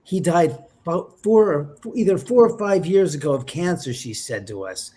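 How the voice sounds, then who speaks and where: A man with a slightly high voice recounts his experiences as an interview guest. He tells it with a lot of life, acting out quotes, exclaiming and sometimes dropping to a whisper. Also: lively intonation, moderate pace, warm tone. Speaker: paranormal investigator guest. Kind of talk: animated storytelling in an interview.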